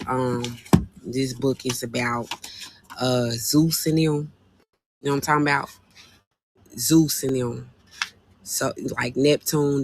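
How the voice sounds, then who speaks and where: A woman hosting a casual livestream and talking to her viewers on a phone mic. She is animated and exasperated, and she repeats herself. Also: deep voice, no room sound. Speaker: livestream host.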